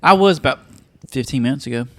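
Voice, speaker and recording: A man's voice: mid-range voice, lively intonation, fast, no room sound, studio quality. A man, a podcast guest, hesitant and defensive in casual banter.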